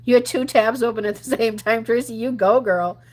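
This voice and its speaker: A woman's voice: fairly high pitch, moderate pace. Chatty laughing woman livestreamer. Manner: chatty and animated, laughs often, drops to mutters and whispers. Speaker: gambling livestreamer. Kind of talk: casual livestream chat, answering viewer comments.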